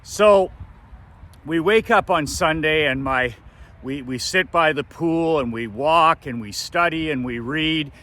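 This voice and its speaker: A man's voice: a little high, takes it slowly, pushed and bright. A middle-aged man from Canada, telling a family story in a casual vlog. He is emphatic and repeats phrases for effect. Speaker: business coach.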